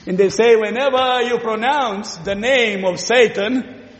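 A Romanian-accented man delivers an earnest sermon, often turning questions to the congregation and pausing with fillers. His voice sits high for a man. The recording is from a church hall with strong room echo and a long, trailing reverb. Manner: earnest, asks the listeners questions, pauses with fillers. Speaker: preacher.

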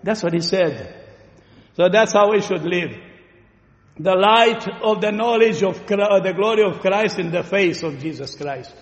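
A man with a Romanian accent preaching a sermon in a church hall, earnest and questioning, pausing with fillers. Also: high voice, dull audio. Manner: earnest, asks the listeners questions, pauses with fillers. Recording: echoey hall with long reverb.

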